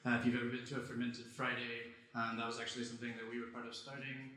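A man's voice: mid-range voice, little pitch movement, very fast, pushed and bright. A man co-presenting a live talk to an audience in a casual, joking way with fillers. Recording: very echoey live venue.

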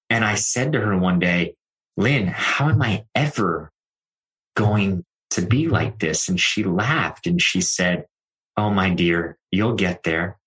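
A man who works as a life coach, talking in a calm, reassuring and reflective way. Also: low-pitched, low-quality recording. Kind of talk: conversational coaching talk.

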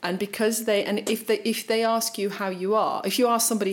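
A woman's voice: mid-range voice, steady tone, brisk. A woman in casual podcast chat, talkative and laughing often as she tells stories. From England. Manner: chatty, laughs often, quotes others in little voices.

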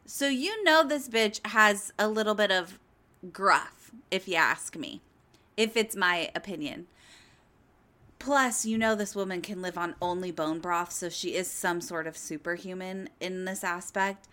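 A woman hosting a podcast, giving crude, gossipy, animated commentary on courtroom clips. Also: mid-range voice, unhurried. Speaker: podcast host. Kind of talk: comedic commentary on trial clips.

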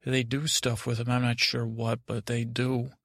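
A man voicing a harried, testy male giant clam in a spoken bedtime story, in a gravelly voice. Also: mid-range voice, completely flat delivery, moderate pace, a bit bright, dry recording, studio quality. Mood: weary. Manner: grumpy, defensive.

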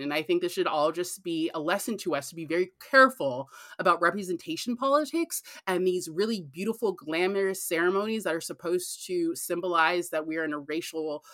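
A woman's voice: lowish voice, fairly quick, fairly bright tone, no room sound, clean studio sound. A woman co-hosting a podcast in casual discussion, earnest and emphatic, repeating phrases for weight. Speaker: podcast co-host.

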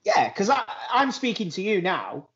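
Out in a garden, a podcast co-host with a Manchester accent chats casually, laughing and trailing off. His high, somewhat bright voice swoops wildly in pitch at a moderate pace. The sound is lo-fi.

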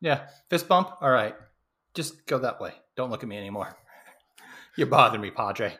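A man co-hosting a podcast, chatting about a movie with quick jokey asides and frequent laughs. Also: medium pitch, animated, bright, forceful tone. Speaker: podcast co-host. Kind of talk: casual movie chat.

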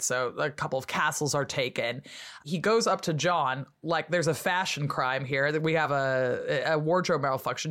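Animated woman telling history irreverently. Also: deep voice. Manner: animated, irreverent storytelling with lots of fillers. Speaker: guest historian. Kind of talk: casual podcast chat.

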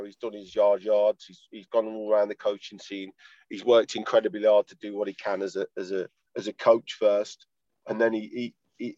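A former footballer with a fairly low, slightly mellow voice chats casually as a podcast guest, rambling, laughing and swearing from his parked car. The video-call audio is dull and lo-fi, with no echo.

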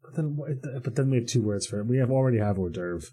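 A man's voice: medium pitch, lively intonation, quick pace, warm tone, husky. A man co-hosting a podcast in casual chat, bantering and joking, with frequent stumbling restarts. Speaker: podcast co-host.

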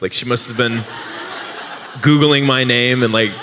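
A man's voice: mid-range voice, fairly even intonation, a little slow, bright, forceful tone, big-room sound, slight background noise. A male podcast co-host telling a story at a live show, rambling with fillers and restarts and laughing often. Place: live event venue with an audience.

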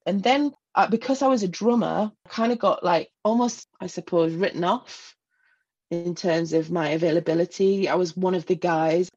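A woman's voice: fairly low pitch, moderate pace, a little mellow, husky, lo-fi sound. A woman from Northeast England with a Northeast English accent, talking frankly and self-deprecatingly as a guest in an interview. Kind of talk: candid personal interview.

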